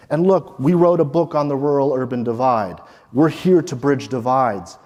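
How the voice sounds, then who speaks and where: Man, lecture talk, direct to audience, higher voice, echoing hall. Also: a little mellow. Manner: direct, addresses audience with "okay?" and "right?". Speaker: author presenting research. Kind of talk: lecture presentation.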